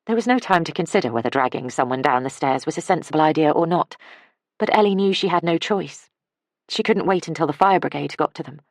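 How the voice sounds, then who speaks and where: Woman, audiobook narration, calm and measured, low voice, dry close recording. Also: no room sound. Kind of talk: scripted narration.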